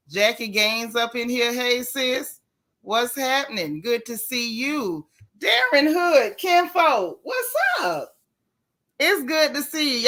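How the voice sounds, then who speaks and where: Lively, bright-voiced woman livestream host. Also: fairly high pitch. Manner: lively, greets viewers by name. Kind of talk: casual livestream chat.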